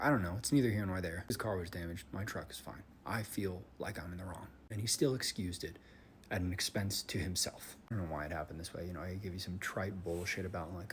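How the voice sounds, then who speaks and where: A man telling a personal story in a candid, casual monologue, swearing freely and shifting between calm and worked-up. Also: deep voice, fast talker, slight background noise. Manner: candid, swears often, emotional swings. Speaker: vlogger.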